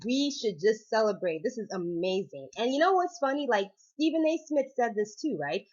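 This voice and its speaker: A woman chatting excitedly in a casual vlog, gushing and laughing often as she reviews a movie. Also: on the high side, moderate pace, highs cut off. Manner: bubbly, gushing, laughs often, repeats "oh my goodness".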